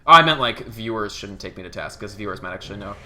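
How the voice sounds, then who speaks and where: A man casting a live online game tournament, excitable play-by-play with quick asides and laughter. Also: lowish voice, a loud crowd. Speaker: esports caster.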